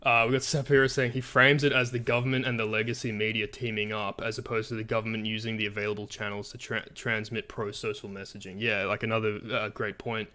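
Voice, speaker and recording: A man, not from America, giving halting commentary on a video, full of fillers and restarts. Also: lowish voice, little pitch movement, pushed and bright. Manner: hesitant, many fillers and restarts. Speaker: commentary channel host.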